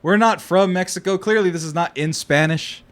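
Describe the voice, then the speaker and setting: A man's voice: high voice, moderate pace, fairly bright tone. A young man from California hosting a casual podcast, rambling and joking, often laughing. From Fresno, California. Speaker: podcast host.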